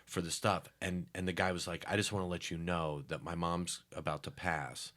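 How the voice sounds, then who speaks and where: A comedian telling animated stories in a casual interview, acting out quotes loudly and laughing through them. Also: male voice, low voice, moderate pace. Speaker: comedian guest.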